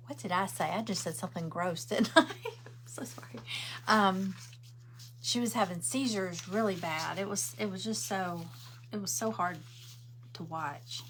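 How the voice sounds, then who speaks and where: At a normal speed and on the low side, a middle-aged woman's voice carries over slight background noise as she crafts at home. Hosting a livestream, she chats, rambles, and responds to viewer comments.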